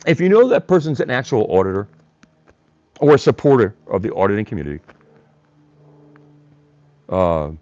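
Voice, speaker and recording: A man's voice: on the low side, big pitch swings, normal speed, pauses often, darkish tone, no room sound, highs cut off. A man hosting a live stream, talking bluntly and combatively while reading and answering chat comments. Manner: blunt, combative, mocks chatters by name. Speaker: livestream host.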